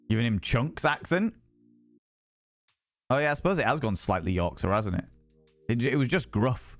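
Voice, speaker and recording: A young man talks animatedly over a dating game he is streaming, reading lines aloud and swearing freely. His voice sits at a mid pitch in a dry, close sound with faint music behind it. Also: lively intonation, normal speed, long pauses, dry recording. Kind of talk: casual gameplay commentary.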